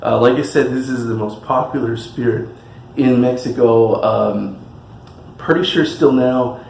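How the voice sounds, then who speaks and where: A man's voice: medium pitch, measured pace, creaky, a little mellow, slight background noise. Chatty, enthusiastic man in an echoey room. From California. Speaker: spirits reviewer. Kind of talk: casual tasting review. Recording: echoey room with faint music.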